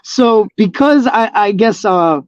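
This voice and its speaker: A man's voice: high-pitched, lively intonation, takes it slowly, dry recording, highs cut off. A man, a professional wrestler, telling stories in a casual interview, rambling with many fillers and restarts.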